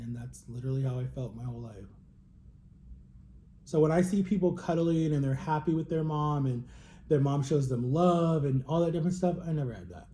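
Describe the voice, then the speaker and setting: Man, 30s, confessional vlog, emotional, repetitive emphasis, fairly high pitch, very warm tone. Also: normal speed, slight background noise. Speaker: vlogger.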